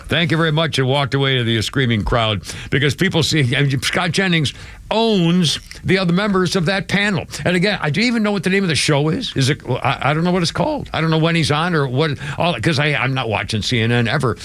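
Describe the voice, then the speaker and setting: A man's voice: on the high side, fairly quick, a bit bright, dry recording. Older man hosting talk radio: rambling, filler-heavy, dry close studio mic. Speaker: radio show host. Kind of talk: casual talk radio chat. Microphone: studio microphone.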